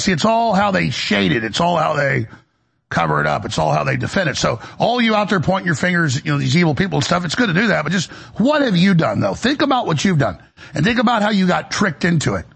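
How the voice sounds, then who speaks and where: Gravelly raspy middle-aged man preaching. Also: high voice, big pitch swings, fairly quick, a bit bright. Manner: preachy, acts out quoted voices. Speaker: radio host. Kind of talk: impassioned monologue.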